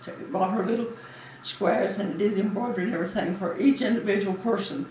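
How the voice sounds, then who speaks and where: A woman's voice: mid-range voice, fairly quick, a little hiss or hum. A woman in her eighties, a former Navy nurse, telling her memories in an interview, chatty and often laughing. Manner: chatty, warm storyteller who laughs often. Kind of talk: reminiscing interview. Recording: echoey room, distant mic.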